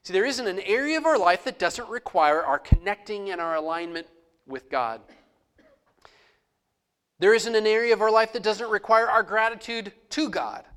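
A man's voice: sits high, lively intonation, moderate pace, fairly bright tone, smooth. A middle-aged man preaching a sermon as pastor, conversational, acting out prayers aloud in his own voice.

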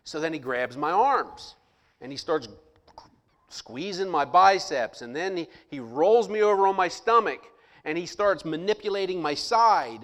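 A man telling a personal story to listeners in a lively way, acting out the people he quotes. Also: on the high side, moderate pace. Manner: animated, acts out the people he quotes. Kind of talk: personal anecdote told to listeners.

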